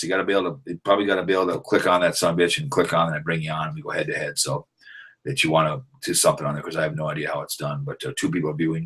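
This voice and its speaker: A man hosting a live-streamed sports podcast, rambling casually and breaking into loud, excited trash talk. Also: extremely low pitch, husky. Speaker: podcast host.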